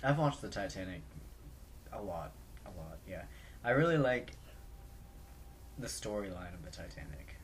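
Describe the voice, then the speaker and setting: A man co-hosting a podcast in relaxed, casual chat, peppered with fillers. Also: low voice, moderate pace, long pauses, slight background noise. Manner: relaxed, chatty, filler-heavy. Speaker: podcast co-host.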